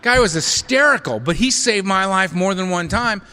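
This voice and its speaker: A middle-aged man speaking at a recovery meeting, telling a story with an animated, self-mocking sense of humor. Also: sits high, normal speed. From United States. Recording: hall reverb, live talk recording.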